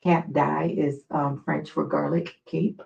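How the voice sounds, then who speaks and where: Gravelly-voiced woman telling stories on stream. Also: low-pitched, measured pace, muffled recording. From United States. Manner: chatty, digressive, animated storyteller. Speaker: live stream host. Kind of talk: casual storytelling on a live stream.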